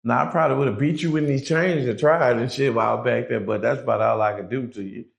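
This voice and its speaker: Man, gravelly voice, mid pitch, podcast guest, animated storytelling, swears freely. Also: fast. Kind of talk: casual storytelling.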